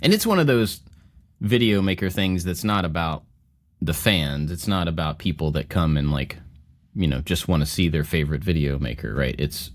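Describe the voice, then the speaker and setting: Low voiced podcast host guy, teasing, laughs a lot. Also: lively intonation, moderate pace. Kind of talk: casual chat.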